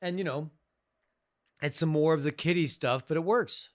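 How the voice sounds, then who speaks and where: A man's voice: a little high, moderate pace, no echo, clean studio sound. A man co-hosting a podcast, blunt and sarcastic, swearing freely in casual film talk. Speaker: podcast co-host. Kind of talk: casual film review chat.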